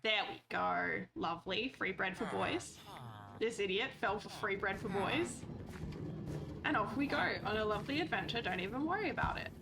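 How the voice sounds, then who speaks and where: A woman's voice: medium pitch, animated, normal speed, creaky, crowd noise. A woman streamer chatting playfully through her gameplay, talking to the characters on screen and swearing casually.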